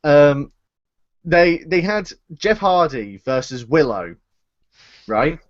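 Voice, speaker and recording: A man's voice: a little high, big pitch swings, takes it slowly. A man, co-hosting a casual live chat and ranting sarcastically about wrestling. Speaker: podcast co-host. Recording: dull lo-fi stream audio.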